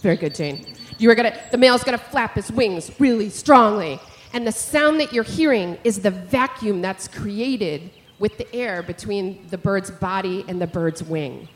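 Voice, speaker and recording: A middle-aged woman leading a live audience through bird calls, explaining and imitating them with animated energy. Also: medium pitch, moderate pace. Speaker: bird call teacher. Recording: hall reverb, faint noise.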